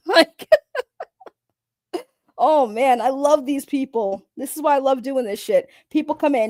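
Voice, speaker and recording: A woman's voice: high voice, expressive, a little slow, pauses often, darkish tone, no echo, clean studio sound. A woman streaming live as host of a drama channel, ranting casually in a blunt, profane, mocking way.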